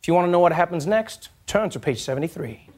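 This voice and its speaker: A man hosting a late-night comedy show, delivering a stand-up monologue with an animated manner and mocking voices. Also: on the high side, fast talker. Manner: animated, slips into mocking voices for quoted people. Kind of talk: stand-up monologue before a studio audience. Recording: studio audience noise behind the voice. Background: studio audience laughing and cheering.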